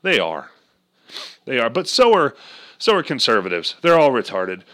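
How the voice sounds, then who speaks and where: Man, casual crude political rant, swears a lot, mid-pitched, jumps into impressions. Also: wildly swooping pitch, normal speed, fairly bright tone. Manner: crude, joking, swears often, does voices.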